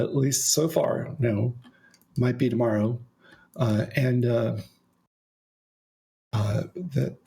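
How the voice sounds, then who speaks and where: A man's voice: medium pitch, vocal fry. A man hosting a casual podcast chat, telling stories at an easy pace with plenty of fillers. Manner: relaxed storytelling with frequent fillers. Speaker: podcast host.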